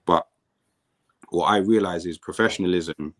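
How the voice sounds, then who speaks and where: A man who used to play professional football, chatting casually as a podcast guest and telling stories in a relaxed way, often repeating words as he restarts a thought. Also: low-pitched, moderate pace.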